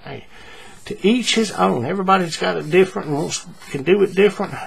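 Man, craft tutorial, husky, a bit high, casual step-by-step talk. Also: fairly quick. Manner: relaxed, repetitive instructions with frequent fillers. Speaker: paracord tutorial maker.

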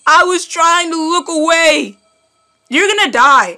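A woman's voice: very high voice, slow pace, bright, forceful tone, soft background music. A young woman playing a horror game on video, shrieking at each scare and then muttering to herself, her voice strained from screaming. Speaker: gaming YouTuber. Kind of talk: horror game let's play commentary.

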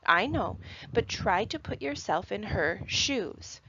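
A woman reading aloud voices a patient, gentle school counselor who explains things calmly to a child. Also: medium pitch, slow, muffled recording, slight background noise, full character voice.

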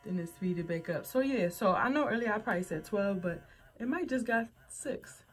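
Animated and a little fast, with a breathy edge to her medium-pitched voice, a young woman chats candidly to the camera. She reviews adult toys on her vlog and calls her viewers y'all.

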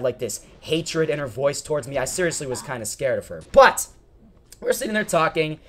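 A young man hosting a gaming channel tells a long, rambling story over gameplay in a slightly high, slightly fast voice. He's animated and keeps getting sidetracked.

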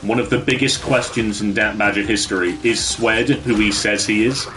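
A man's voice: on the low side, fairly even intonation, moderate pace, music in the background. A man chatting casually with his viewers while streaming a game from his bedroom, laughing often and bantering with the chat.

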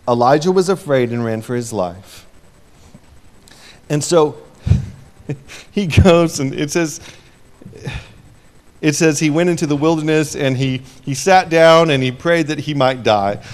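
In a slightly high voice, a man preaches a bit slowly with long pauses, giving an informal, conversational sermon that retells a scripture story. He swings from hushed tones to loud emphasis and performs the quoted lines.

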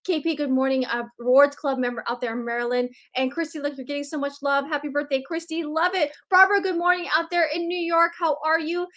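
A woman's voice: sits high, little pitch movement, quick pace, hardly any pauses, a bit bright. A woman hosting a live sales stream, greeting viewers by name in a bubbly, chatty way.

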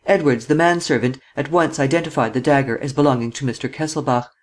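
A man narrating an audiobook of a detective novel in a measured storytelling manner. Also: mid-range voice. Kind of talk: scripted narration.

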